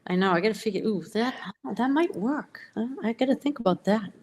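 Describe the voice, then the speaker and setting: A woman's voice: on the high side, lively intonation, fairly quick, a little mellow. A woman from the Boston area, a guest in a casual chat, rambling and hesitant with many fillers.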